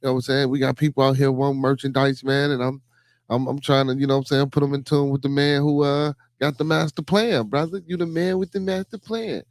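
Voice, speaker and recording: A man's voice: mid-range voice, steady tone, a little fast, no echo. A man hosting a casual livestream podcast, greeting viewers and rambling loosely with repeated phrases. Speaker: podcast host.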